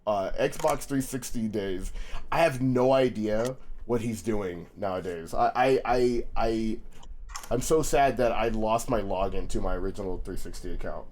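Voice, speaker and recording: A young man streaming live, telling a story in casual chat, animated, laughing often, repeating words as he goes. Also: fairly low pitch, unhurried.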